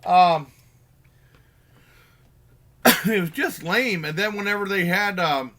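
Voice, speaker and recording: Rambling, slightly high-voiced man reviewing a movie. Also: bright, forceful tone. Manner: rambling, loose, with many fillers and restarts; acts out characters' lines in quick bursts. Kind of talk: casual spoken movie review.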